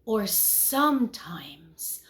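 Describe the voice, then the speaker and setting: A woman preschool teacher giving an online lesson to small children. She speaks slowly in a fairly high voice that swings up and down in a sing-song way, asking the little ones many questions. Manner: animated, sing-song, big swings in pitch and loudness.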